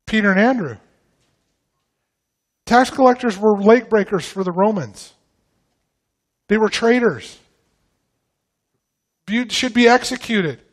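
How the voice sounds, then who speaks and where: A man's voice: high voice, slow pace, pauses often. A man from the northern United States, a guest pastor giving a sermon in a casual, conversational way and putting questions to the congregation.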